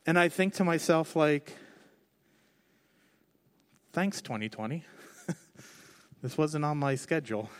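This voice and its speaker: A man preaching a conversational sermon from the stage, telling his own story candidly with lively, expressive delivery. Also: fairly high pitch, normal speed, clear, resonant tone. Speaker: pastor. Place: on stage before a congregation.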